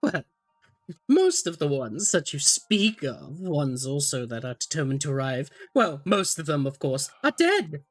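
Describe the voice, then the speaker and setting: A woman voicing a smooth-talking male wandering gambler with a breezy, knowing manner. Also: sits low, sing-song, a little slow, soft background music, full character voice. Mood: sly.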